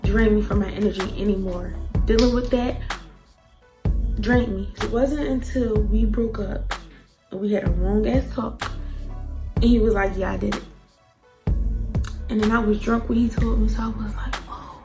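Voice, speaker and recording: A young woman tells a storytime vlog with blunt, profane energy and acts out every quoted outburst. Her pitch sits in the middle range. Music plays clearly underneath her voice. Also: steady tone, normal speed, long pauses, low-quality recording. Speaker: vlogger.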